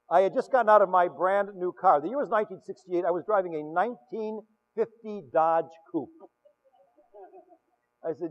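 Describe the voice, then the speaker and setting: Older priest preaching in a big echoey church, high voice, dull lo-fi sound, lots of restarts. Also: male voice, moderate pace. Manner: animated storytelling with many restarts. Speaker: pastor. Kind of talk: sermon. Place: large church.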